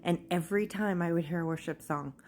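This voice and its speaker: A woman's voice: on the low side, fast talker, a little mellow, slight background noise. A woman sharing a personal testimony, telling her own story in an earnest, emotional way.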